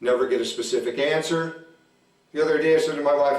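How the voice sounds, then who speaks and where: A man in his forties doing stand-up comedy at a church event, telling deadpan stories about his marriage and acting out both sides of the arguments. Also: fairly high pitch, fast. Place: church hall. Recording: echoey hall, mic from a distance.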